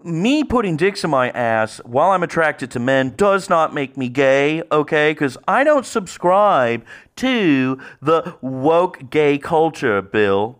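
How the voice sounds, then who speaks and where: A man's voice: fairly high pitch, a bit bright, pitched above the performer's own voice. A man on a comedy podcast imitating a smug, self-important young male pundit who lectures the host.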